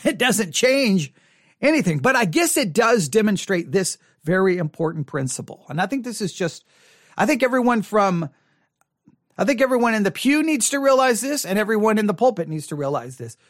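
A man's voice: sits high, very animated, moderate pace, no room sound. A man, a pastor, talking earnestly to the camera from a studio and thinking aloud with many restarts. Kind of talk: reflective monologue to camera.

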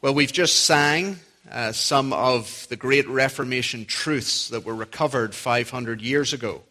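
A man with a Northern Irish accent preaching a sermon, measured and deliberate with a touch of gentle humor. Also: medium pitch. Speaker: preacher and Old Testament professor.

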